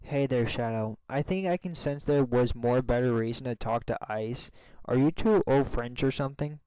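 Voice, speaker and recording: A man voicing a gentle pegasus pony girl. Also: mid-range voice, normal speed, smooth, no echo, close to an everyday voice, rough recording. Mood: kind. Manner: soft, affectionate, calm. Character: gentle, kindly young female pegasus rock star.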